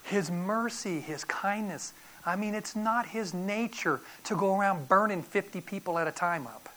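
A middle-aged man preaching a sermon, telling stories in an animated, folksy way with sudden loud bursts and quiet drops. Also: high-pitched, moderate pace, slight background noise. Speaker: pastor.

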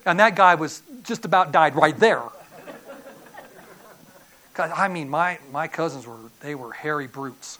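Middle-aged male preacher; animated, folksy sermon delivery with sharp swings from loud to hushed. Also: on the high side, unhurried, pauses often. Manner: animated, folksy storytelling with sudden loud bursts and quiet drops. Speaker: pastor.

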